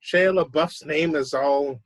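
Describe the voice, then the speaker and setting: A man's voice: a little high, steady tone, a little slow, no room sound. A man co-hosting a podcast, chatting casually with short replies and questions. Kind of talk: casual chat.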